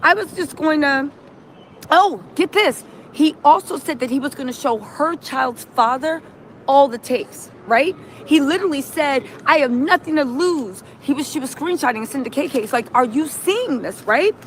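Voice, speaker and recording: High-voiced woman streamer, animated. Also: moderate pace, slight background noise. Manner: animated, acts out quotes in a shrill yelling voice; reads viewer comments and greets chat. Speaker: reaction streamer host. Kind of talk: casual live-stream commentary.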